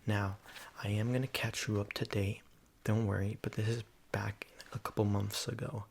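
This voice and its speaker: A man in a whispered role-play, rambling softly with lots of fillers and coaxing the listener to repeat silly names after him. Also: on the low side, flat delivery, normal speed, gravelly, a little hiss or hum. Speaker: ASMR creator.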